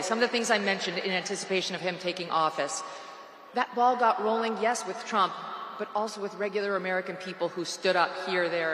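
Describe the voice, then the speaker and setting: A woman's voice: medium pitch, fairly bright tone, a little hiss or hum. A woman giving a political rally speech in a large venue, with a mocking, sarcastic and punchy delivery. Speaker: rally speaker. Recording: echoey arena PA reverb.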